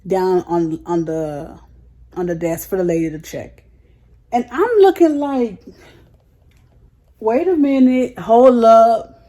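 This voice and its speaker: This young adult woman is a vlogger with a fairly low, dark-toned voice. She recounts a story to her viewers in a chatty, frank, heated way, loaded with slang.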